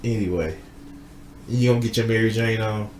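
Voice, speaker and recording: A man's voice: on the low side, moderate pace, reverberant, a little hiss or hum. A man hosting a casual podcast chat, retelling a film plot with lots of swearing and acted-out quotes. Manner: animated, swearing, acts out quotes. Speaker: podcast host.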